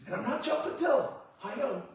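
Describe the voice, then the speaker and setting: A man voicing a stubborn little boy refusing to jump into a pool, high and whiny, in an echoey church hall. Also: animated, moderate pace, recorded from a distance, slight background noise.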